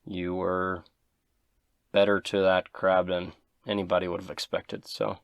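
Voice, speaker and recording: A man voicing a calm, kindly companion who speaks in a gentle, measured way. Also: low voice, clear, resonant tone, no room sound, studio quality.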